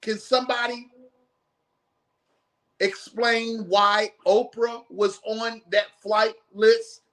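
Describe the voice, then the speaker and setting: A man's voice: very high-pitched, a bit bright. A man hosting a live podcast stream, ranting bluntly and profanely in heated commentary. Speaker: podcast host.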